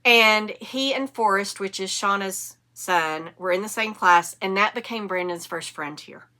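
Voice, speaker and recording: A woman's voice: mid-range voice, a little slow, sharp tone. A woman in her fifties hosting a knitting podcast, chatting casually in a rambling way and correcting herself as she goes. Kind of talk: casual chat to camera.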